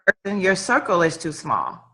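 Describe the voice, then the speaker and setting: A woman's voice: fairly low pitch, very animated, normal speed, pushed and bright. A woman guest on a live-streamed talk, speaking in an emphatic, preacher-like way and repeating phrases for weight. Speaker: guest entrepreneur. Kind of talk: motivational conversation. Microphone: online live stream.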